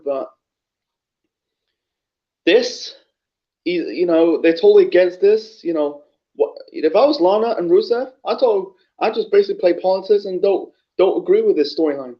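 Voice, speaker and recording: Angry high-voiced man ranting, lo-fi. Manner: angry, profane, rambling with restarts. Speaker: wrestling reviewer. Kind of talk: unscripted rant review.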